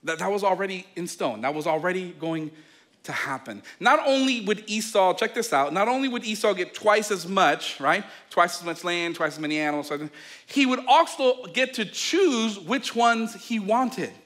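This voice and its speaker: A male pastor who preaches a sermon, tells the story in a lively way, and talks straight to his listeners. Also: high voice, moderate pace. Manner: animated storytelling, acting out scenes; addresses listeners directly.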